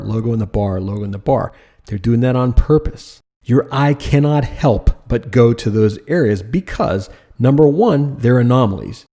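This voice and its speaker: A man teaching a design lesson over slides, lively and emphatic, often asking the listener rhetorical questions. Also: medium pitch. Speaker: design instructor.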